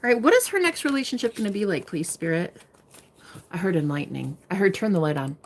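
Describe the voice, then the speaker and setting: A woman's voice: mid-range voice, big pitch swings, fast talker. A young woman giving live-stream tarot readings, chatting casually, swearing freely and laughing often. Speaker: tarot reader.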